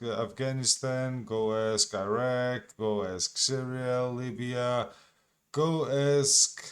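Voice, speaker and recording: A man commentating on a clip in a profane, mocking, rambling rant. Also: mid-range voice. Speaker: reaction commentator.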